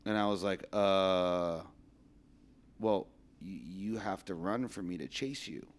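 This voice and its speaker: A man's voice: low-pitched, slow. Laughing, swearing male podcast host. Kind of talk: casual podcast chat.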